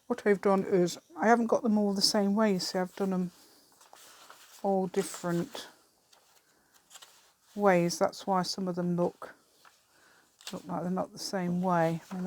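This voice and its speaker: A woman's voice: medium pitch, a little mellow, a little hiss or hum. A woman chatting casually while she crafts at an outdoor table, rambling along with self-deprecating asides. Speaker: craft vlogger. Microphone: camera set on the table.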